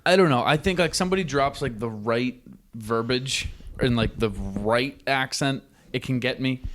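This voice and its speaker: A man's voice: mid-range voice, normal speed, a bit bright, a little hiss or hum. A young man, co-hosting a podcast in a laid-back, dry way with lots of fillers. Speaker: podcast co-host. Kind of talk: casual chat.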